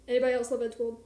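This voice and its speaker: A young woman chats through a late-night live stream in a somewhat high voice. She rambles and mocks herself. Her voice rings a little in an echoey room at home. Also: mellow. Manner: chatty, rambling, self-mocking. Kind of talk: casual live-stream chat. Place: small home apartment at night.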